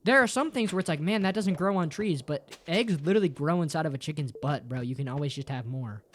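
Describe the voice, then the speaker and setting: Talking fast over slight background noise, this streamer jokes around with viewers in a casual livestream chat. Lots of cursing, a habit of closing lines with "bro," and big swings in pitch keep the tone playful.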